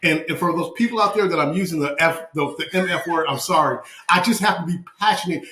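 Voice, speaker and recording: Man, podcast co-host, high voice, passionate profane rant, repeats himself, roomy echo. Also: quick pace, few pauses, bright, forceful tone. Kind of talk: comedic rant.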